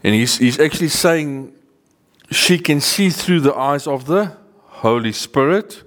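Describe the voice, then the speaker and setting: A man giving an earnest sermon to a seated group, often slowing down to stress key words. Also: on the high side, expressive, fairly bright tone. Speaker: preacher. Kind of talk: sermon teaching to a live group. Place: meeting room with a seated audience.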